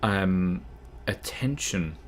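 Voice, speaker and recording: A man's voice: deep voice, lively intonation, very slow. A man chatting casually on a gaming livestream, rambling and easily distracted. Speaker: streamer.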